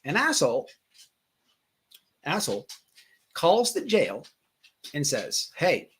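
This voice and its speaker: Man, host, rambling profane storytelling, bright tense voice, a little high. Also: wildly swooping pitch, slow pace, husky. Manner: rambling, profane, repeats words. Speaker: livestream host. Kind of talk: casual livestream storytelling.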